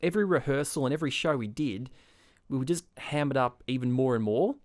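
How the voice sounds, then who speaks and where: A man's voice: mid-range voice, fairly quick. Playful man co-hosting a podcast. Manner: playful, animated, prone to breaking into laughter. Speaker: podcast co-host. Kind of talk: casual comedic chat.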